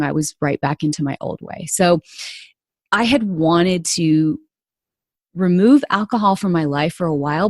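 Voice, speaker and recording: A woman's voice: low voice, no echo, clean studio sound. A woman hosting a podcast, telling a personal story in an earnest, confiding way and speaking straight to her listeners. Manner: earnest and confiding, addresses listeners as "you guys". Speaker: podcast host.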